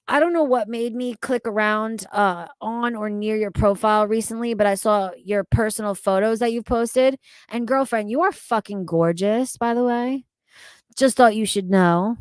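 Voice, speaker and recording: A woman's voice: fairly high pitch, dry recording. A woman streaming casually, talking to her chat, swearing freely and laughing often. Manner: loud, profane, laughing often.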